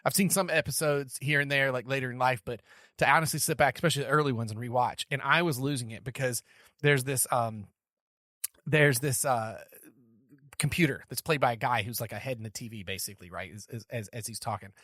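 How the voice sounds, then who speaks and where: A man's voice: medium pitch, a little fast, bright, forceful tone, no echo, clean studio sound. A man hosting a casual podcast chat, telling stories animatedly and repeating words as he thinks. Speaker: podcast host.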